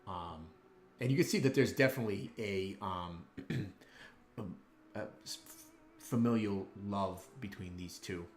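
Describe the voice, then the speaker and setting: A low-voiced man narrates as game master, measured and halting. The recording is roomy and echoing. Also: a little hiss or hum. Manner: measured, hesitant narration with many fillers. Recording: roomy echo.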